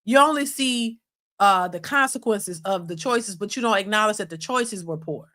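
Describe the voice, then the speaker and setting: Bright-voiced woman reacting live. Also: medium pitch, moderate pace. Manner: animated, restarts often, emphatic. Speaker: reaction channel host.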